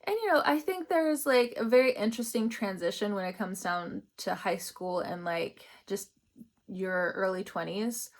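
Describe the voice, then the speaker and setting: A woman's voice: medium pitch, moderate pace. A young woman giving a casual, rambling spiritual reading, chatty and laughing often. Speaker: tarot reader.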